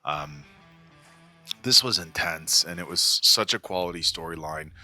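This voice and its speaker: Deep-voiced man in his forties, rambling earnestly. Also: a little slow, bright, forceful tone, faint music behind. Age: 40s. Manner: rambling, earnest, lots of fillers and restarts. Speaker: movie reaction host. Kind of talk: casual chat.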